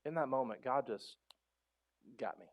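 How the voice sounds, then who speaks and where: A man in his thirties preaching a sermon in a church, passionate and conversational, rising to loud pleas and dropping to soft, quiet lines. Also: medium pitch, moderate pace. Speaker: pastor. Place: church sanctuary.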